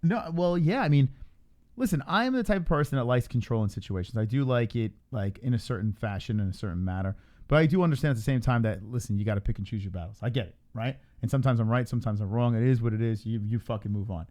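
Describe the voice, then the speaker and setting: A man's voice: fast talker, a little mellow. Profane, joking man livestreaming with his partner. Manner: loose, profane, laughing, jumps into high voices for quotes. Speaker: livestream co-host. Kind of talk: casual livestream chat.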